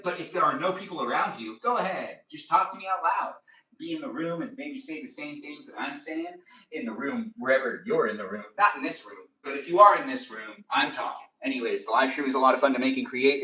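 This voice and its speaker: Male live streamer, fast nonstop chatter while cooking, bright tone, roomy kitchen sound from a distance. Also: mid-range voice. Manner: fast, endless chatter addressing viewers. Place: home kitchen.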